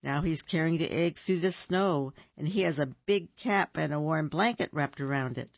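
A storyteller reading a children's picture book aloud in a slow, rhythmic, sing-song way. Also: mid-range voice, dry recording, highs cut off.

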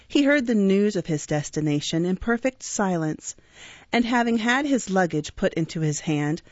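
A woman narrating a classic novel in a measured, expressive reading voice. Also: mid-range voice, no room sound. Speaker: audiobook narrator. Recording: dull, dry recording.

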